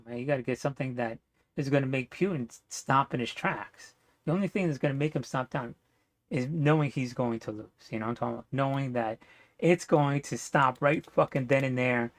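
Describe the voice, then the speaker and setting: A man's voice: mid-range voice, no echo. A man vlogging his opinions in a rambling, blunt way, swearing often and filling gaps with fillers. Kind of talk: casual opinion monologue.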